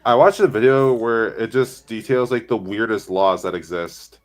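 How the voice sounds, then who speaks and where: A man chatting casually as a guest, relaxed and agreeable, using lots of fillers. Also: lowish voice, normal speed. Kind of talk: casual chat.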